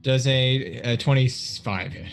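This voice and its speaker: Man, player, easygoing, halting while counting, medium pitch. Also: creaky, faint music behind. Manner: easygoing, hesitant while adding up dice. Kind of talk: playing a tabletop game.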